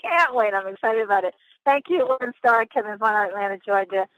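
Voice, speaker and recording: A woman's voice: mid-range voice, a little fast, no room sound. A woman hosting a conference call in an upbeat, affectionate way, calling her listeners family. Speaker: host. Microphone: phone. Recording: dull dry phone line.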